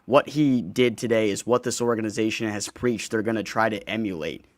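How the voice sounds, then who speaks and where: A man's voice: on the low side, a little fast, dry recording. Podcast host guy, easygoing and friendly, dry close sound. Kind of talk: casual sports podcast chat.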